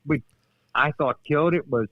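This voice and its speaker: A man's voice: fairly high pitch, normal speed, no echo, muffled recording. A man, a former wrestler, telling stories in a casual interview, acting out quotes and laughing often. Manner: animated storyteller, acts out quotes, laughs often.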